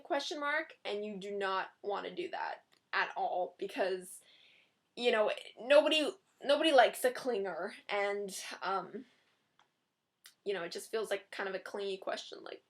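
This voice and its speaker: A woman's voice: a little high, measured pace, a bit bright. A young woman giving dating advice in a casual, chatty vlog, often giggling and reading out sample text messages.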